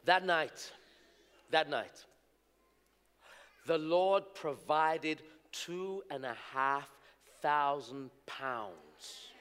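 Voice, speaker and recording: A male preacher telling his testimony in an animated sermon, moving between hushed storytelling and shouting. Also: fairly high pitch, very slow, long pauses, smooth. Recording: echoey hall reverb.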